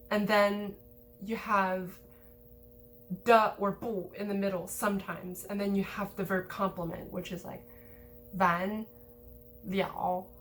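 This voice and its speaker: Woman, language teacher, casual explanatory tone, medium pitch, light background hum. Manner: relaxed, conversational, frequent "like" and "um" fillers.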